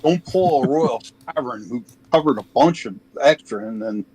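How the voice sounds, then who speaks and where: A man's voice: fairly high pitch, sing-song, moderate pace, gravelly, dark tone, breathy edge, low-quality recording. A man at a tabletop wargame, making brief remarks on the dice rolls. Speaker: player. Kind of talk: casual tabletop game chat.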